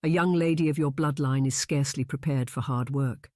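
A man's voice: mid-range voice, fairly even intonation, fairly quick, a little mellow, dry recording, clean studio sound, close to an everyday voice. A man narrating an audiobook voices an arrogant young marquis who needles the ladies with smug remarks.

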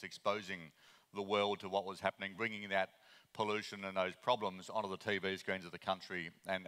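Fast-talking Australian man with a low, smooth voice. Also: fairly bright tone, big-room sound. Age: 50s. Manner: fast-talking, earnest, many ums and restarts. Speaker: conference keynote speaker. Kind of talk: conference talk.

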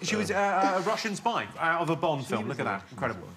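A man's voice: on the high side, very animated, fast, a crowd in the background. A man hosting a comedy quiz panel, dry and teasing as he quizzes the guests. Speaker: quiz show host. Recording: studio audience and loud noise.

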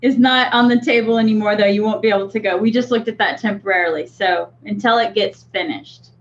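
A woman's voice: mid-range voice, a little fast. A woman co-hosting a livestream in casual chat, teasing and playful. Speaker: co-host of a vaping livestream. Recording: dull lo-fi audio with faint noise.

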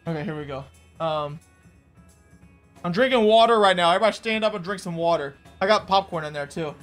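A streamer chatting casually during a live gaming session, excitable and rambling, often stammering and repeating words. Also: mid-range voice, a little fast, soft background music.

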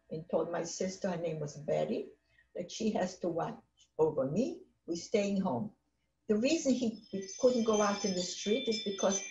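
A woman's voice: mid-range voice, a little mellow. Elderly woman giving testimony. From Poland. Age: 80s. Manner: halting, emphatic retelling with repeated phrases. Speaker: Holocaust survivor speaker. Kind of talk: personal testimony. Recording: roomy, slightly dull recording.

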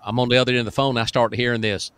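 A man's voice: mid-range voice, flat delivery, very fast, a bit bright, smooth. A male pastor telling deliverance stories in a folksy, emphatic preaching manner, chuckling now and then.

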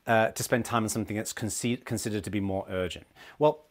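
A middle-aged man, a leadership consultant, giving a casual talking-to-camera lesson in an animated way and acting out the people he quotes. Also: mid-range voice.

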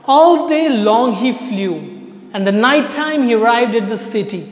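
A male teacher with an Indian English accent reads a story aloud to his online class and then goes back over it in plainer words. His voice sits high and he takes it slowly. The sound rings out in a room with a long, echoey reverb. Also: animated.

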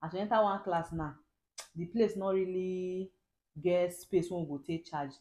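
A Nigerian woman telling, in a lively and animated way, the story of how she met her husband, chatting at home. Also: fairly low pitch, moderate pace, poor audio. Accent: Nigerian Pidgin. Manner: lively, animated storyteller who laughs often. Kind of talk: casual storytelling.

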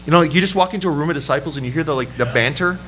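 A man preaching a sermon at a church service, telling a personal story in an animated, joking way. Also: on the high side, racing. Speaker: pastor. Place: church service before a congregation. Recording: live church hall with crowd. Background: audience laughing and calling out.

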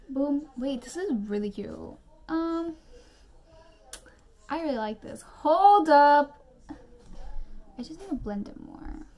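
A young woman vlogging a makeup tutorial, rambling through chatty rants and quick asides. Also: fairly high pitch, darkish tone. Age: young adult. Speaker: beauty vlogger.

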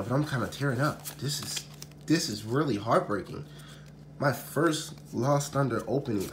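Exasperated man chatting to camera. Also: medium pitch. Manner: sighing, exasperated, repeats himself. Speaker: card-opening video host. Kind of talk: casual unscripted chat to camera. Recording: crinkling packaging noise throughout.

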